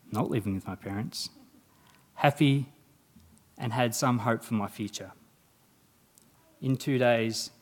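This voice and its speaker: A young man giving a motivational speech at a graduation ceremony, telling stories and acting out the dialogue in them. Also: mid-range voice. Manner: animated storytelling, acting out quoted dialogue. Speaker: guest speaker.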